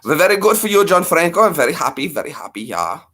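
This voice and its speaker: A man doing a playful put-on accent in a breathy, half-whispered voice. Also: fairly high pitch, sing-song, fast, a bit bright, voice pushed up. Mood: hushed.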